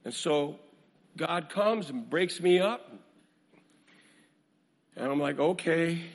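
A male minister preaching a sermon, swinging from hushed storytelling to booming emphasis with a repetitive cadence. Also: lively intonation, takes it slowly, long reverb tail.

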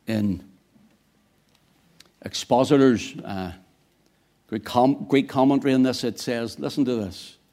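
Male preacher, mellow dark voice, quiet then suddenly loud and emphatic. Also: mid-range voice, measured pace, long pauses. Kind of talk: sermon.

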